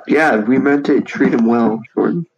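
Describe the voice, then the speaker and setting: A young man chatting in a relaxed podcast, joking along and egging his friends on. His middle-pitched voice comes through a slightly dull mic. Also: moderate pace, slightly rough. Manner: laid-back, joking along. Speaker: podcast co-host. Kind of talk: casual chat.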